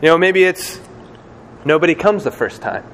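A man preaching a sermon in a lively, casual way, acting out quoted voices with slang. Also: fairly high pitch, normal speed, slight background noise. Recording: long hall reverb, faint ambience.

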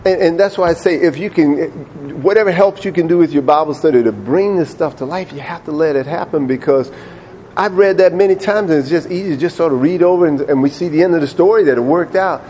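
A man's voice: a little high, a little fast, warm tone, slight background noise. A man preaching a sermon, retelling a story in a conversational way and repeating words when he gets emphatic.

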